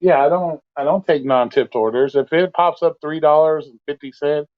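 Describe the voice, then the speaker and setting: A man's voice: on the high side, normal speed, dry recording. A man hosting an open forum talk stream, ranting bluntly in casual chat and swearing constantly. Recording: dry, phone-like audio.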